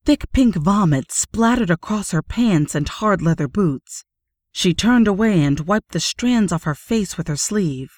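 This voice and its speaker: A woman reading a horror story aloud in steady, measured audiobook narration. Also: medium pitch, no echo, clean studio sound.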